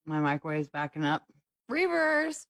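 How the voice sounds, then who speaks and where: A woman co-hosting morning radio banters with her co-hosts. Her voice is lowish and husky, with a lively pitch, and it sounds dry and close. Faint music plays in the studio behind her. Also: fairly quick, no echo. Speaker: radio morning show co-host.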